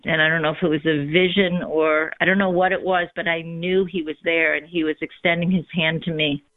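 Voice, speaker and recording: Woman telling her faith story slow and thoughtful, lots of ums, kinda monotone, sounds like a phone call. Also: deep voice, dry recording. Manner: reflective, unhurried, with frequent ums. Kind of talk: personal testimony in conversation. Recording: tinny phone line.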